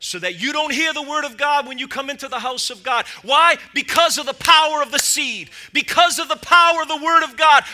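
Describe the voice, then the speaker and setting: High, bright-voiced impassioned male pastor. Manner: impassioned, rising to shouts and dropping to low asides. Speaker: lead pastor. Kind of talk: sermon.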